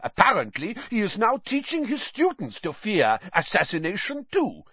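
A man's voice: high voice, wildly swooping pitch, normal speed, breathy edge, no echo, pitched above the performer's own voice, full character voice. A man voicing a cold, sneering male headmaster who speaks with mocking politeness, on slightly dull audio.

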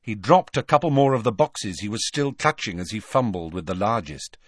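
A man with a lowish voice narrates an audiobook, his storytelling measured and expressive. It's studio quality, with no room sound.

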